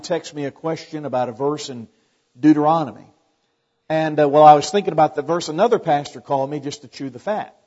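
Man, pastor, folksy sermon, husky voice, slightly high, dull lo-fi recording. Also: warm tone. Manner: folksy, conversational preaching with anecdotes.

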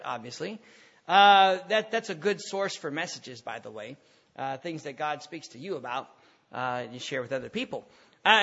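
A male pastor preaches in a church with a husky, fairly high voice, stopping often on "uh" and restarting his sentences. He slips in folksy asides as he goes. The recording is dull and lo-fi. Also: sharp tone. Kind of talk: sermon. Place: church sanctuary.

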